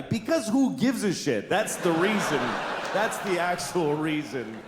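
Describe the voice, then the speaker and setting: A man's voice: sits high, lively intonation, unhurried. A middle-aged man doing a stand-up comedy routine, exasperated, jumping into wild voices as he tells it. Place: comedy stage in a large venue with audience. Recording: echoey live venue with ambient noise.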